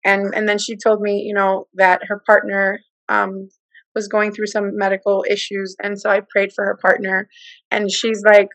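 A woman in her forties tells a personal story with lively energy. She slips into the voices of the people she quotes as she talks. Her voice sits at a middle pitch, in a dry, close recording. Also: moderate pace, no echo, poor audio. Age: 40s. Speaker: guest. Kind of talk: personal testimony in conversation.

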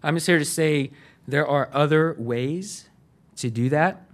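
A man's voice: a little high, measured pace. A middle-aged man, a pastor giving a sermon in an earnest, conversational way. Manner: conversational, earnest, uses fillers.

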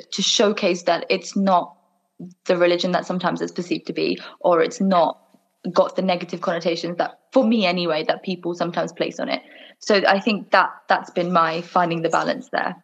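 A woman, a podcast guest answering thoughtfully and hesitantly, hedging often. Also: lowish voice. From United Kingdom. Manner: hesitant, hedges with "if that makes sense". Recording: dull lo-fi recording.

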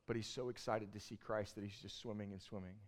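A man preaching a sermon in a conversational, animated storytelling way. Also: lowish voice, fast talker. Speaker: pastor.

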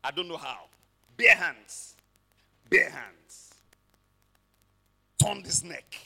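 A man preaches in a high, very bright, cutting voice. He tells his stories with drama and often builds up to shouts. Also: animated, very slow, vocal fry. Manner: dramatic storytelling, shouting peaks. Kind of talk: sermon.

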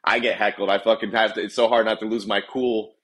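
A man's voice: fairly low pitch, level tone, quick pace, a bit bright. A man hosting a casual interview, asking loose, rambling questions with casual swearing. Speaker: podcast host.

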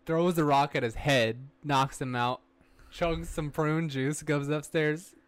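A man's voice: fairly high pitch, fairly even intonation, slow pace, clear, resonant tone, no echo. A man co-hosting a casual movie podcast, joking and recapping plot in a laid-back way. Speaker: podcast co-host.

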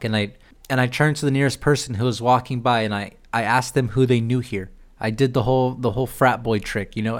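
A young American man hosting a podcast, delivering a ranting, profane, exasperated comedic monologue. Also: medium pitch. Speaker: podcast host.

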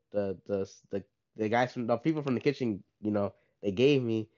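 A man's voice: medium pitch, a little fast, darkish tone. A young man, a podcast co-host, casually telling a rambling story, tagging "right?" and "like" onto his sentences. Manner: rambling, says "right?" and "like" a lot. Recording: slightly dull lo-fi sound.

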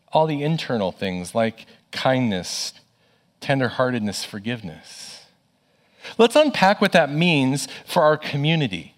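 A man's voice: fairly high pitch, fairly bright tone. A middle-aged man, a pastor, preaching a sermon in an earnest, conversational way, telling personal stories and repeating phrases for emphasis.

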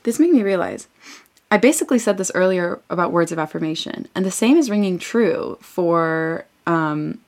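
A woman's voice: lowish voice, expressive, moderate pace. A young woman co-hosting a podcast, talking earnestly and reflectively in casual chat. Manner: earnest, reflective, emphatic about ideas. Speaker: podcast co-host.

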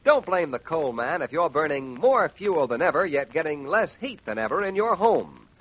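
A man announcing on a radio show, reading a brisk hard-sell advertisement, on a dull lo-fi 1940s radio recording. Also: a little high, sing-song, breathy edge. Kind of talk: radio ad read.

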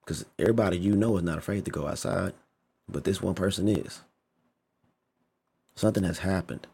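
A man's voice: deep voice, fairly quick, vocal fry, dark tone, husky. A man giving a casual, emphatic opinion rant, repeating himself for stress, using slang and swearing a lot. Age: adult. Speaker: vlogger.

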